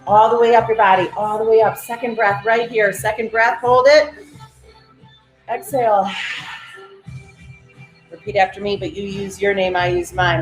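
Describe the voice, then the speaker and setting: A middle-aged woman leads a live-streamed breathing and affirmation session with an energetic, encouraging drive, calling out viewers by name. Her voice sits in a roomy, echoey space. Faint music plays underneath. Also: medium pitch, normal speed.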